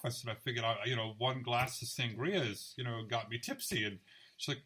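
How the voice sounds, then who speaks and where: A man, a psychic medium, chatting casually and retelling his experiences with lively quoted dialogue. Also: medium pitch, a little fast, breathy edge. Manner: animated storyteller, acts out quoted dialogue. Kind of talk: casual chat, storytelling.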